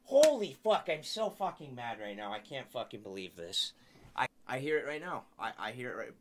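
A male streamer in a furious rant, cursing and shouting. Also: mid-range voice, very animated, normal speed. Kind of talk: profane ranting on stream.

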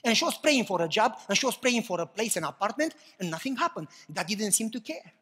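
A man preaching a passionate sermon, swinging between loud cries and hushed, low remarks. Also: sing-song, quick pace, breathy edge, in a large hall. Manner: impassioned preaching, swings from shouts to hushed tones.

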